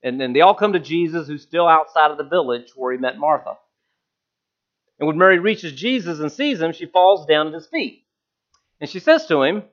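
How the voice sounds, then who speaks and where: Guy preaching a chatty sermon, highish voice, jumps all over in pitch, kinda muffled lo-fi sound. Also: lively intonation, moderate pace. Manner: conversational, self-deprecating storytelling.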